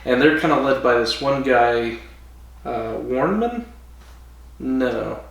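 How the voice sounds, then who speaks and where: A man's voice: mid-range voice, expressive, takes it slowly, vocal fry. A man co-hosting a casual podcast, loosely retelling a story with fillers and restarts. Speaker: podcast co-host. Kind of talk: casual chat recapping an episode. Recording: roomy, distant, faint noise.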